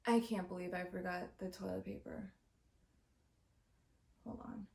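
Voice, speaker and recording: Woman vlogger going off, cussing and exasperated, middle pitch, kinda echoey room. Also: fairly even intonation, a little slow, vocal fry, darkish tone. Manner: profane, exasperated ranting. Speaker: vlogger host. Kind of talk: casual opinion rant to camera. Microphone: home recording setup.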